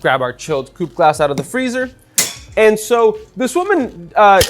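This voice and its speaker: A young man, a bartender telling a story in a casual, animated way while making a cocktail. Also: sits high, moderate pace, soft background music. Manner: chatty, animated storyteller with many fillers.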